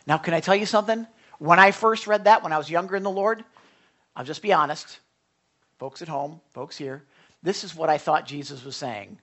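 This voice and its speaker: A man's voice: on the high side, normal speed, a bit bright. A male pastor of Italian background delivers a sermon in an earnest, conversational way. He often stumbles and restarts as he builds his points.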